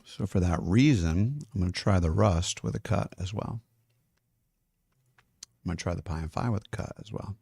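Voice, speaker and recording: A man's voice: deep voice, normal speed, creaky, long pauses, warm tone, husky, no echo. A man, a music producer, chatting casually and rambling as he masters a song live, swearing now and then. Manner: talks while chewing. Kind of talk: casual livestream talk while mastering.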